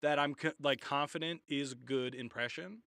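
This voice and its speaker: A man's voice: fairly high pitch, moderate pace, gravelly, fairly bright tone, dry recording, clean studio sound. A male comedian chatting as a podcast guest over a video call, hesitant and full of restarts. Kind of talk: casual podcast chat.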